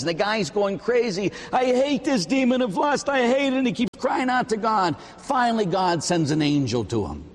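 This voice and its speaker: A man, a Catholic priest, preaching a sermon with animated, emphatic storytelling. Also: fairly high pitch, in a large hall.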